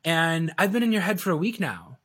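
A man's voice: sits high, sing-song, brisk, a bit bright. A man telling stories in a casual podcast interview, playfully acting out quoted dialogue and chuckling as he talks. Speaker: sales video coach, guest.

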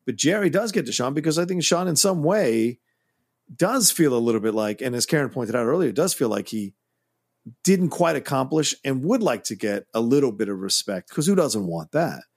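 A man talking films on a podcast, emphatic and opinionated. His voice is gravelly and a little husky, recorded dry and close. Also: mid-range voice, very animated, moderate pace, no echo. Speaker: podcast co-host. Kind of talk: casual film discussion.

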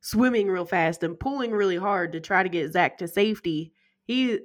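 Podcast co-host, woman, relaxed plot-summary delivery, lower pitch. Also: moderate pace. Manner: easygoing, plot-summarizing storyteller. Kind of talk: casual movie recap chat.

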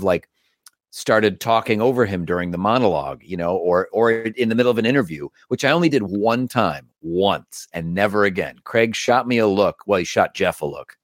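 A man, a voice actor and comedian, telling stories as an interview guest in an animated way, acting out the voices of others. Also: fairly low pitch, dry recording, clean studio sound. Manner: animated, acts out quoted voices. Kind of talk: storytelling interview.

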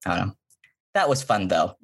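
A man telling a true story on a comedy podcast, animated and giggly, rambling with fillers and restarts. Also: low-pitched, normal speed, slightly rough. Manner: animated and giggly, laughs mid-sentence. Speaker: podcast guest.

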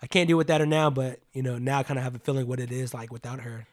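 A man's voice: medium pitch, rapid-fire. A man in his late twenties telling a personal story in a casual, rambling way, leaning on "like" and swearing freely. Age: 20s.

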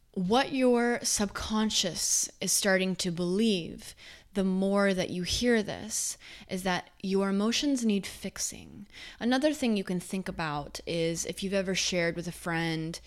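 Woman chatting to camera, kinda low voice, earnest, goes punchy then soft. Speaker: self-help speaker. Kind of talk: casual talk to camera.

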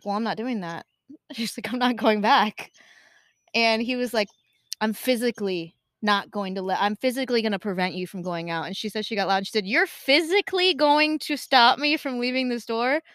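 A woman co-hosting a casual podcast, telling a story in an animated way and acting out what people said. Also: mid-range voice, dry recording, studio quality. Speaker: podcast co-host. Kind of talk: casual chat.

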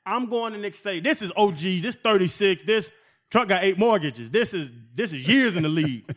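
A man in his forties, a former football player, telling profane, animated stories as a podcast guest. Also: high-pitched, fairly quick. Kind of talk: casual storytelling.

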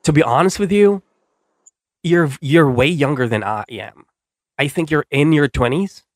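A woman's voice: deep voice, a little slow, dry recording, studio quality. A woman hosting a casual chat, enthusiastic and easily impressed. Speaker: host.

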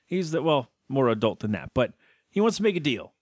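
A man's voice: mid-range voice, big pitch swings, brisk, a little mellow, no echo, clean studio sound. A man co-hosting a podcast, chatting casually and joking as he rambles through a TV episode recap. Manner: joking, rambling with many restarts. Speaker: podcast co-host. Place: podcast studio. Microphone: studio mic, talking close.

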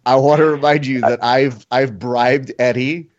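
A man hosting a casual talk show, building up a playful rant with theatrical, mock-angry storytelling. His voice sits at an ordinary pitch. The recording sounds a little dull and lo-fi. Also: steady tone, measured pace. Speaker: podcast co-host. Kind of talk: casual banter, playful ranting.

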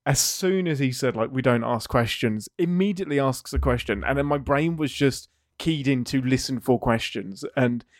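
A man hosting a podcast, talking chattily about what he enjoyed and making fun of himself with frequent laughter. His mid-pitched voice sounds dry and close, with no trace of a room. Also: normal speed, few pauses, dry recording. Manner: chatty, self-mocking, laughs often. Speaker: podcast host. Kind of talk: casual chat.

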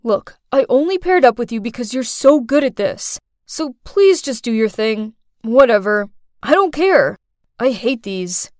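A blunt, laid-back teenage boy in an animated story, as a woman puts him on. The voice sits high and swoops freely, tossing off lines in an offhand, breezy way. It sounds close and dry. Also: a little slow, no room sound. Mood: dismissive.

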